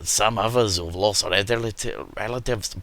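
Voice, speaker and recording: A man's voice: lowish voice, a little slow, bright, forceful tone. A man voicing a scheming middle-aged town merchant in a put-on Scottish accent, spinning a long, wordy, conspiratorial tale. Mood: conspiring.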